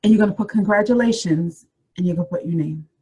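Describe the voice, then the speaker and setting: Husky-voiced woman coaching a webinar. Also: lowish voice, quick pace, mellow, dull audio. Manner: encouraging, repeats phrases, addresses listeners directly. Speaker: career development coach. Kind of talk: motivational webinar talk.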